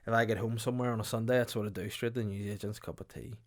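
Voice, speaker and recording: A middle-aged man with a Northern Irish accent, co-hosting a casual podcast chat full of quick, joking banter. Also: on the low side, fairly even intonation. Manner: quick, joking banter with bursts of put-on voices. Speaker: podcast co-host.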